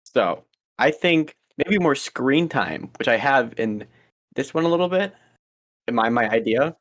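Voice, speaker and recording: A man's voice: medium pitch, lively intonation, measured pace, a bit bright. A young man co-hosting a podcast, chatting casually and rambling with frequent ums and restarts. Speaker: podcast co-host. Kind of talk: casual chat.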